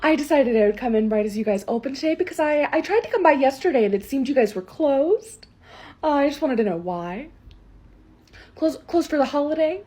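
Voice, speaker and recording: A woman's voice: high voice, expressive, fairly quick, mellow. A young woman playing an entitled, demanding middle-aged woman customer who talks indignantly and stumbles over restarts.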